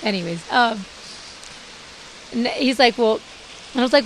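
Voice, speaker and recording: A woman in her forties telling her life story in a casual podcast monologue, talking in lively bursts and acting out the dialogue she quotes, with many fillers. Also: fairly high pitch, unhurried, pauses often, low-quality recording. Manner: animated, acts out quoted dialogue, frequent fillers. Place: indoors during heavy rain. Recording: faint hiss and rain noise.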